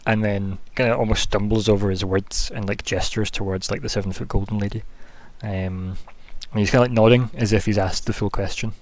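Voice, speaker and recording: A man's voice: fairly low pitch, fairly even intonation, fairly quick, few pauses. A man narrating a tabletop game as game master, rambling casually with plenty of fillers. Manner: rambling, loose, full of fillers like "kinda" and "like".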